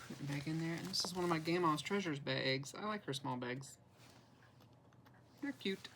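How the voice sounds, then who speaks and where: A chatty woman shows off her stitching projects in a relaxed, self-deprecating way. Her fairly low voice has a gravelly edge. Faint noise hums behind her. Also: moderate pace, rough recording. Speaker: cross-stitch vlogger. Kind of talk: casual show-and-tell chat.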